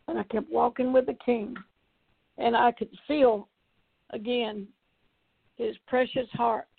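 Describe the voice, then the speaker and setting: Older woman, gravelly husky voice, fervent repetitive preaching, tinny phone-like sound. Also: fairly high pitch, dry recording. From Tennessee, USA. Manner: fervent, repetitive, earnest pleading. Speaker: evangelist. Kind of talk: preaching testimony.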